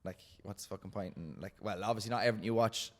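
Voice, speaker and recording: A man's voice: fairly low pitch, rapid-fire. A man hosting a casual podcast interview, talking in a rambling, stop-start way and repeating words as he goes. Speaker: podcast host and coach.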